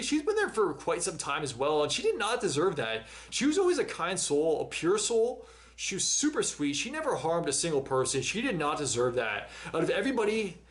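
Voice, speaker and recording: Chatty man hosting a reaction video. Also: a little high. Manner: chatty, repeats and restarts words. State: out of breath. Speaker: reaction channel host. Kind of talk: casual reaction commentary.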